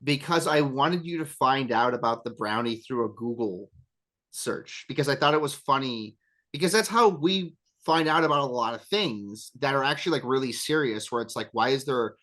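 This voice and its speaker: A man's voice: mid-range voice, expressive, moderate pace, fairly bright tone. A man chatting casually as a game master, rambling with self-deprecating asides. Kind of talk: casual chat.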